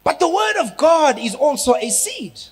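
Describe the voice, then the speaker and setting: A man from South Africa, a pastor preaching a sermon, building up to shouted emphasis. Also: very high voice, very animated, moderate pace, creaky. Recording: long hall reverb.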